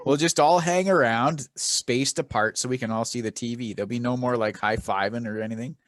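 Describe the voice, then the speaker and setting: A man's voice: medium pitch, normal speed, a bit bright, dry recording. Rowdy, swearing Canadian guy. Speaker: podcast co-host. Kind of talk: casual chat.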